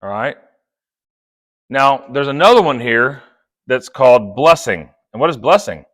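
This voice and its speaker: A man preaching a sermon, playful and chatty, acting out quick quoted asides. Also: medium pitch, lively intonation, fairly bright tone. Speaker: pastor.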